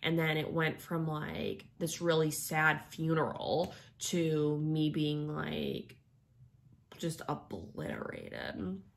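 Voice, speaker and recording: A young female vlogger shares a personal story, rambling loosely and leaning on filler words at every turn. Her voice is low with a gravelly fry.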